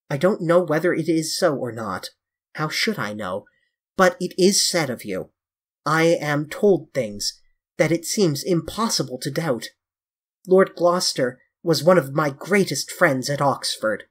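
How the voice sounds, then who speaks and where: A reader takes on the part of a grave, earnest male painter who pleads with his young friend and reproaches him. The voice is husky and pitched a little high.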